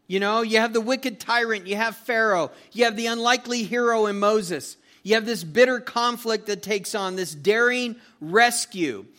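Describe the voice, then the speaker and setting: A man preaching a casual, animated sermon, reading scripture and retelling the story with frequent restarts. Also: sits high. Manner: conversational, animated, with repeated restarts. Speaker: pastor. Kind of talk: expository Bible sermon.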